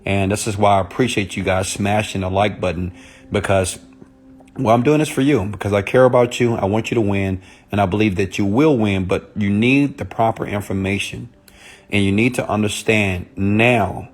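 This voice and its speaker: A man speaking softly and intimately on a live stream, greeting viewers by name as a motivational speaker. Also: lowish voice, normal speed, soft background music. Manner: soft, intimate on purpose; chatty, greets commenters by name.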